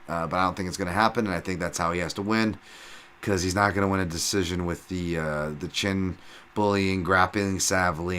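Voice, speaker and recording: A man hosting his own podcast, talking casually and profanely, rambling with fillers and restarts, and getting loud when excited. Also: low voice, clean tone. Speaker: podcast host.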